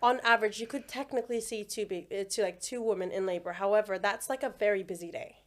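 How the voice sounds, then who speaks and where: A young woman, a midwife chatting as a podcast guest, telling animated stories with frequent laughter and slang. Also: mid-range voice, quick pace. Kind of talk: casual podcast chat.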